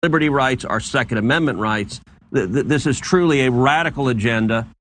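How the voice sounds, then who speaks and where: A man's voice: medium pitch, brisk, fairly bright tone, slight background noise. A man making a political argument in an emphatic, repetitive way during a TV interview. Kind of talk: political talking points.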